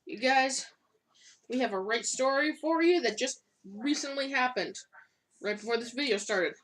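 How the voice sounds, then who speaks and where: A young woman co-hosting a casual vlog, telling a story in a chatty, animated way. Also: high-pitched, moderate pace. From United States. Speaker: co-host.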